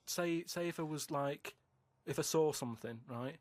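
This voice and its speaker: A middle-aged man, talking haltingly and repeating words as he explains himself in casual chat. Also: fairly high pitch, no echo. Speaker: co-host.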